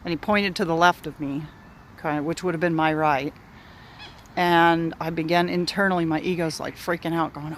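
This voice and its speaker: A woman's voice: lowish voice, sing-song, a little fast, a bit bright, a little hiss or hum. A woman outdoors telling a personal story in a candid, rambling way, swearing freely and circling back on herself. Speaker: speaker sharing a personal story. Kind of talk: casual spoken storytelling. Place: outdoors near bushes in an urban area.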